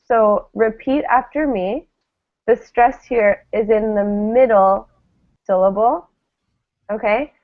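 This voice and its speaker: Slow, patient woman teaching. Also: fairly high pitch. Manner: slow, patient, models words for repetition. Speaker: English pronunciation teacher. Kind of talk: classroom pronunciation drill. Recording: tinny phone-like lo-fi sound.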